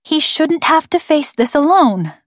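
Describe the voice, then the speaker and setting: A woman reading an audiobook and voicing a headstrong young girl who pleads and argues in a high, strained voice. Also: lively intonation, normal speed, no room sound, studio quality. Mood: pleading.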